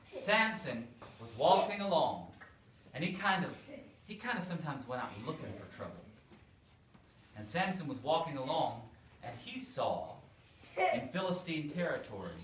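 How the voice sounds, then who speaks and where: A man, a priest, telling a story to children in a playful, animated way. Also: on the high side, a little slow. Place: church hall. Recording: echoey room, far from mic, faint noise.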